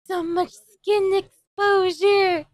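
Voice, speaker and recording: A woman's voice: very high voice, steady tone, extremely slow, dry recording, clean studio sound. A young woman from Hawaii hosting an anime reaction, commenting as she watches with gasps, squeals and giggly outbursts.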